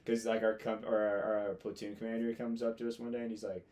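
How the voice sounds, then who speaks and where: Fast and level, with a lowish, darkish voice, a twentysomething Marine officer from the United States swaps stories as a podcast guest. He meanders, leans on filler words and swears a lot.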